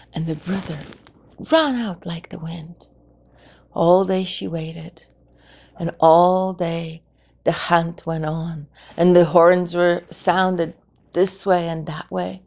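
A woman tells a folk tale slowly and gently, her low voice carrying a gravelly texture. She lingers over the words with expressive care, like reading a storybook aloud.

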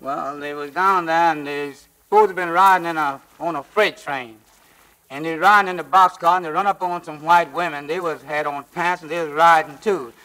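Man, high voice, rambling storyteller. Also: fairly even intonation, sharp tone, low-quality recording. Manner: slow rambling storytelling in folk dialect. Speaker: blues singer interviewed. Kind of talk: archival oral-history interview. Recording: old archival field recording with guitar.

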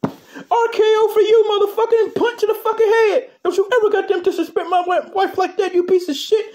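A man's voice: level tone, brisk, darkish tone. A man voicing a hot-tempered cartoon mouse who curses and talks trash. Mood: raging. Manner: squeaky, cursing, trash-talking.

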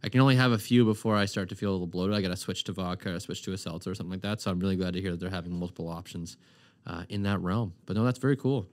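A man's voice: low-pitched, steady tone, racing, no room sound, studio quality. A man co-hosting a podcast, chatting casually with frequent hesitations and restarts. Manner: rambling, hesitant, many restarts. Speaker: podcast co-host. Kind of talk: casual chat.

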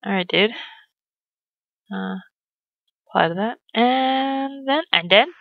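A woman's voice: on the high side, takes it slowly, vocal fry, no room sound, narrow, tinny audio. A young woman commenting on her game as she plays, chatty and swearing as she reacts. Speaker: gamer. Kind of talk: let's play commentary.

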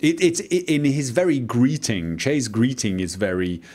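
A Let's Play host from Manchester, England, speaks with a Mancunian English accent, rambling theatrically as he commentates a video game he plays, full of exclaiming inflections. His voice is medium-pitched and a little mellow, at normal speed.

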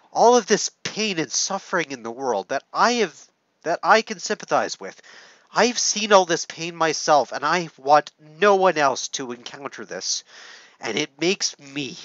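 Slow, choked-up man speaking to camera. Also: on the high side, fairly bright tone, no room sound, muffled recording. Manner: halting, emotional, profane, with frequent restarts. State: choked up with emotion. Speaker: content creator. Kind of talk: heartfelt confessional talk to camera. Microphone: camera setup.

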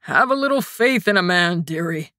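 A woman's voice: on the low side, animated, moderate pace, bright, forceful tone, no room sound, studio quality. A woman voicing a jovial, good-humored older man with a hearty delivery.

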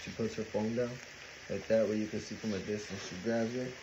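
A man telling a story while he cooks at home, in a casual, animated and profane way, dropping Spanish phrases into his talk. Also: on the low side, a little fast, dull audio, noisy background. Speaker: cooking vlogger. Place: home kitchen. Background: frying and sizzling food.

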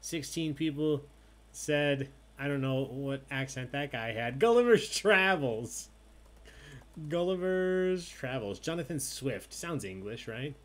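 A man hosting an online trivia night, announcing questions and scores in a loud, playful way. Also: mid-range voice, measured pace. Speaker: trivia host.

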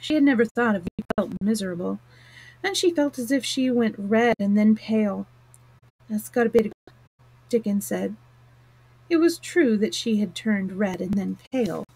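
A woman reading a classic novel aloud on a live stream, plain and steady with small slips and restarts. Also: mid-range voice, normal speed, creaky, no room sound, poor audio. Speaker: storyteller. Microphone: close mic, live stream.

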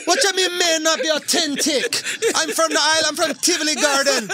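A man's voice: extremely high pitch, brisk, background noise. A man putting on a Jamaican patois, playing a cocky guy who insists he grew up on the island. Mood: mock-indignant. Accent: put-on Jamaican patois. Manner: boastful, mock-indignant.

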